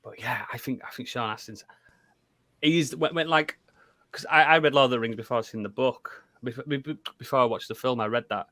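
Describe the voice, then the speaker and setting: A man co-hosting a podcast in casual chat, animated, swearing and laughing often. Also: mid-range voice, brisk, no echo, clean studio sound. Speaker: podcast co-host.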